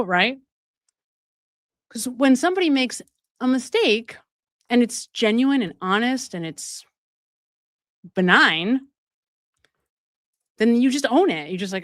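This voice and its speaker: A woman's voice: fairly high pitch, animated, a little slow, pauses often, no echo, studio quality. A woman hosting a true-crime commentary livestream, talking emphatically and often checking in with viewers through rhetorical questions. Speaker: show host.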